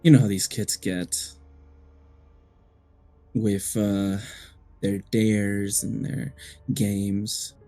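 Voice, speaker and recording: A man's voice: lowish voice, level tone, drawn-out words, pauses often, dark tone, soft background music. A man playing a tabletop game, talking in a confident, conspiratorial way. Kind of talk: in-character role-play.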